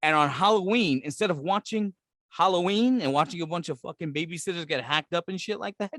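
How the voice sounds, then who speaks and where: A middle-aged man with a New York accent, his voice pitched high for a man, riffs in loose, foul-mouthed podcast banter. He is animated, swears at every turn and laughs easily, and the close mic sounds dry with no room around it. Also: brisk, no room sound. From Brooklyn, New York. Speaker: podcast co-host. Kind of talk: casual profane comedic chat.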